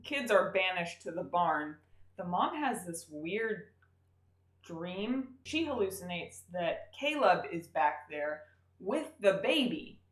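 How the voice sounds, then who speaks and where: A woman co-hosting a podcast, casually recapping a movie as an animated storyteller who acts out scenes in quick voices. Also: on the low side. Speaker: podcast co-host. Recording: roomy echo.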